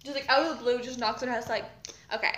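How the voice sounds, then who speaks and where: A woman's voice: on the high side, fairly even intonation, rapid-fire, fairly bright tone. Giggly teen girl, roomy echo. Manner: giggly, rambling, self-interrupting. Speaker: podcast co-host. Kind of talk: casual chat, storytelling.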